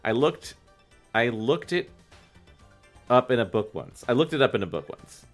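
A chatty man reads a novel aloud and riffs with his co-host, his voice animated and mid-pitched. Faint music sits in the background. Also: normal speed. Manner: chatty, swearing, enthusiastic. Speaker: podcast co-host reading a book aloud. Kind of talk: casual chat and read-aloud.

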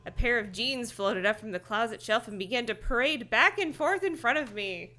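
A woman's voice: a little high, expressive, moderate pace, sharp tone. A woman co-hosting a podcast, reading a children's horror book aloud in a playful, mock-dramatic way.

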